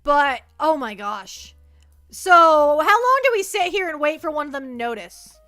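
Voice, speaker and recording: A woman VTuber chatting on a livestream in a very high, bright voice. She is excitable and giggly and trips over her words, with soft music playing behind her. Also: a little slow. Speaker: VTuber streamer. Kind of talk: casual livestream chat.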